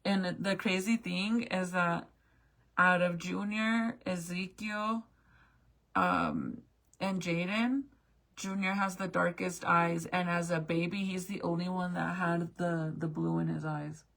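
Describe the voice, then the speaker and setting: A woman's voice: on the low side, slow, creaky, fairly bright tone. A young woman chatting casually with viewers as she looks back through old family photos, swearing now and then. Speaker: mom vlogger.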